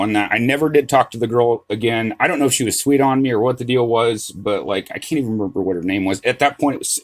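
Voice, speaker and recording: A middle-aged man vlogging about card collecting, telling a story in a casual, animated way with restarts, swearing and a lot of "right?". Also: mid-range voice.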